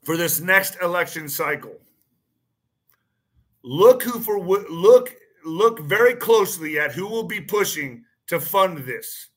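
His voice is high and animated, and he keeps a measured pace. Running his own online show, the man delivers an offhand monologue where phrases recur, he restarts and uses fillers, and his points come as pointed questions.

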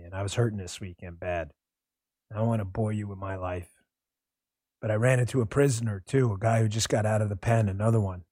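A man's voice: on the low side, a little mellow, no room sound, clean studio sound. A man hosting his own talk show, delivering a passionate, blunt monologue with casual swearing. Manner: impassioned, blunt, swears freely. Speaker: show host.

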